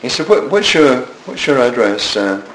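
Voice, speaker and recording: A man's voice: medium pitch, big pitch swings, moderate pace, a bit bright. A Scottish man in his seventies telling self-mocking anecdotes in an interview, with frequent restarts. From Scotland. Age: 70s. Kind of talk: storytelling interview. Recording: echoey room with faint noise.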